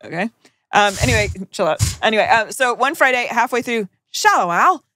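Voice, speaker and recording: A woman's voice: a little high, lively intonation, fairly quick, bright, forceful tone, no room sound, studio quality. A young woman co-hosting a podcast, reading listener stories aloud with wry, sardonic asides. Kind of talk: casual chat, reading aloud.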